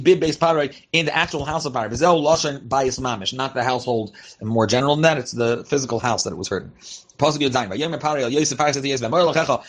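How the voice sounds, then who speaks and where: Man, torah class, reads hebrew then translates, brisk pace. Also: on the high side. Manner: reads Hebrew phrases then translates, Yiddish-inflected yeshivish terms; loose spoken delivery with fillers and restarts. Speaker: Torah teacher. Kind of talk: verse-by-verse Chumash and Rashi class.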